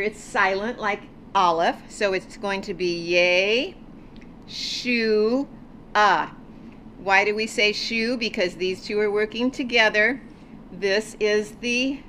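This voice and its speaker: A woman gives an alphabet lesson from an office. She talks slowly and patiently and keeps inviting her listeners to say the sounds with her. Faint noise sits behind her voice. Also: medium pitch, bright, forceful tone. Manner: patient, encouraging, invites practice. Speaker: Hebrew teacher. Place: ministry office.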